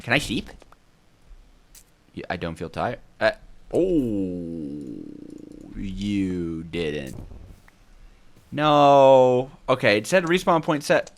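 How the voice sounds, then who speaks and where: A man's voice: deep voice, a little slow. A young man giving casual gameplay commentary, rambling and talking to himself as he plays. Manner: animated, rambling, talks to himself. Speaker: gameplay YouTuber.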